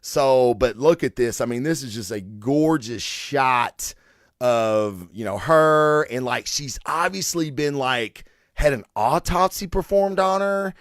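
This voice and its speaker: A man hosting a comic book show, chatting casually in an excitable, rambling way with plenty of swearing and filler words. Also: mid-range voice, slow, dry recording, clean studio sound. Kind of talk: casual solo review chat.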